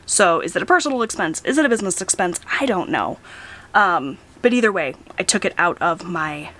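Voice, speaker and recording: A woman in her thirties chatting casually and thinking out loud, with frequent hesitations, as she logs her weekly expenses. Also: lowish voice, expressive, fairly quick. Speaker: budgeting vlogger. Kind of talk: casual talk while logging expenses.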